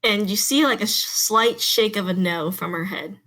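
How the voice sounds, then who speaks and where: Woman GM, bright voice, loose and giggly, swears casually while narrating the game. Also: medium pitch, moderate pace. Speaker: game master.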